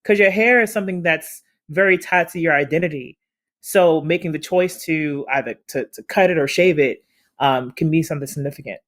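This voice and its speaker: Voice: mid-range voice, brisk, fairly bright tone. A co-host on a casual film review podcast, thinking aloud carefully and restarting sentences often. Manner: thoughtful, hedging, many restarts mid-sentence.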